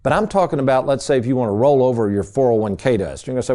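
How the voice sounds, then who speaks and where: A man's voice: medium pitch, rapid-fire, mellow. A middle-aged man hosting a radio show, telling a casual story in a folksy way and addressing listeners as folks. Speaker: radio show host and financial advisor.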